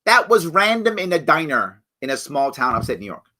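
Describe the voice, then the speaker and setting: A man's voice: a little high, sing-song, fairly quick, pushed and bright. A man hosting a live talk show, speaking emphatically and answering viewer comments, often tagging points with "right?". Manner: emphatic, repeats "right?" and restarts.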